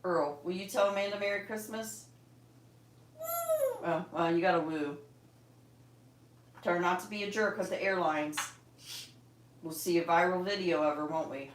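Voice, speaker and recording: Woman, casual home livestream host, chatty with viewers, low-set voice, echoey room with steady noise. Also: normal speed, pauses often. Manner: chatty, answers viewers by name; coos at her birds in a high coaxing voice. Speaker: livestream host with pet birds. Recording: echoey room, far from mic, noisy.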